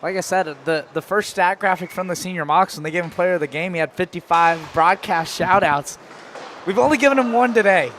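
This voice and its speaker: A man with a high, bright speaking voice calls play-by-play at a local hockey game. He rambles casually between plays, then jumps into calling the shots. A faint hum of ambient noise sits under him. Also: a little fast. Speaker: play-by-play announcer.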